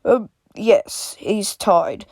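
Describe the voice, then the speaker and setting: A woman's voice: medium pitch, very slow, a little mellow, dry recording. Woman playing a chuckly, friendly street vendor man, easygoing, close dry read.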